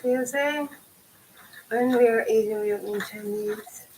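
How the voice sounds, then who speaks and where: A woman's voice: on the high side, normal speed, darkish tone, a little hiss or hum, low-quality recording. A woman chatting casually with her live viewers in a rambling way, tossing them lots of questions. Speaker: tarot reader chatting with livestream viewers.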